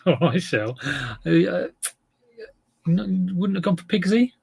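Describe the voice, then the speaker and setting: A man's voice: sits high, lively intonation, slow, creaky, dark tone, breathy edge. A middle-aged man chatting casually on a live stream as an eBay reseller, rambling and greeting viewers by name.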